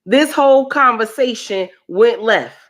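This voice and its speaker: Slow, preachy woman on a livestream. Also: on the high side, expressive. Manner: preachy, repeats lines for emphasis. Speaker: livestream host. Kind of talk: casual commentary livestream.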